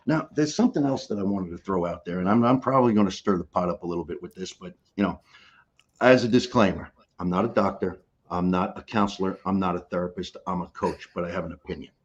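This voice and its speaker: A middle-aged man speaks in a husky, slightly low voice, hammering home his points as a motivational coach. He repeats key phrases for emphasis and talks bluntly and casually. The call audio is dull and lo-fi. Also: fast talker. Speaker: guest life coach. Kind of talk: motivational talk on a video call.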